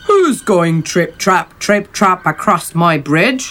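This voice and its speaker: A woman voicing a big, ugly male troll who roars slowly and loudly from under a bridge. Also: medium pitch, sing-song, a little hiss or hum. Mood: roaring.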